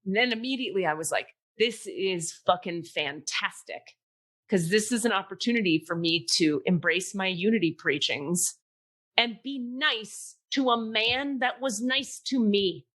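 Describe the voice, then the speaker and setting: A woman's voice: mid-range voice, a little slow. Woman on a podcast rambling through a story, swears a lot, does little voices for people. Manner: animated, profane, acts out quoted voices. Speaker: podcast host. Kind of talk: casual storytelling chat.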